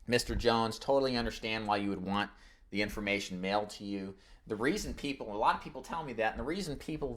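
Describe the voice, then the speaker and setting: A man's voice: mid-range voice, a bit bright. A man teaching insurance agents in a live online training, coaching with energy and acting out phone scripts. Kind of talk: live webinar sales training.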